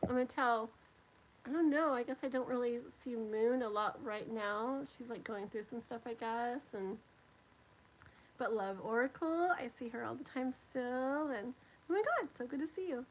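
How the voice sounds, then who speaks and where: A woman's voice: fairly high pitch, moderate pace, a little hiss or hum, rough recording. A woman hosting a live tarot stream, chatting casually and giggly as she reads out viewers' comments. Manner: giggly, bubbly, chatty, lots of "like". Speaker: tarot reader hosting a livestream. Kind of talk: casual livestream chat, reading comments aloud.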